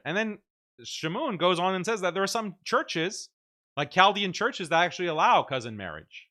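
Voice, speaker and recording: A man hosting a casual commentary show, excitedly reacting and mocking quotes in a raised voice. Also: sits high, normal speed. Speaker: host. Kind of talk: casual commentary on a debate clip.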